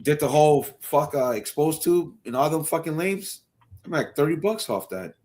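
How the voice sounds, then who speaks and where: A man's voice: fairly high pitch, lively intonation, normal speed, a little mellow. A man hosting a casual chat, laid-back and slangy, calling his guest bro and big dog.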